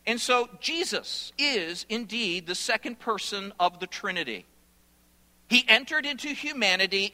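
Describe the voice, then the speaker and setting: Man as preacher, high, bright ringing voice, emphatic repeats, long hall reverb. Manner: emphatic preaching with repeated phrases, slowing for scripture. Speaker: pastor. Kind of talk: sermon.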